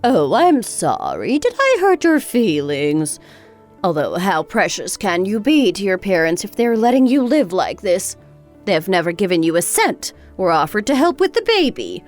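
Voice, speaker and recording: A woman's voice: mid-range voice, sing-song, normal speed, faint music behind, lightly acted. A woman voicing a harsh, sarcastic older mother-in-law in a dramatized story. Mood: scornful. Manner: cutting, sarcastic.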